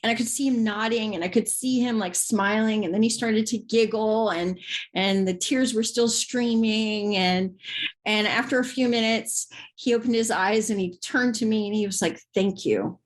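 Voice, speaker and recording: A woman co-hosting a podcast, chatting casually about intuition and telling stories with lively, acted-out dialogue. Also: on the high side, moderate pace. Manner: lively storyteller, acts out quoted dialogue. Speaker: podcast co-host. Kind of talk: casual spiritual conversation.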